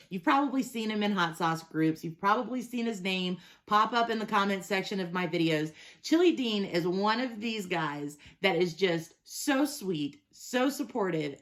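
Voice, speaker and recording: Brief: upbeat young woman, casual product reviewer, mid-pitched and chatty. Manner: chatty and enthusiastic, reads labels aloud. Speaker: hot sauce reviewer.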